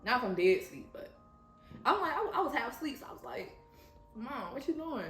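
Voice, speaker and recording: A woman co-hosting a vlog, telling stories in a casual, animated way, full of swearing and frequent laughter. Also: a little high, fast talker, a little hiss or hum. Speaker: vlog co-host. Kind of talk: casual storytelling. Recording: roomy sound with music behind.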